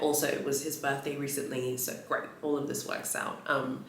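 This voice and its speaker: A woman's voice: extremely low pitch, little pitch movement, moderate pace, a little hiss or hum. A woman vlogger telling a story in a chatty, rambling way, full of fillers and restarts. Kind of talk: casual storytelling vlog. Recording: roomy echo.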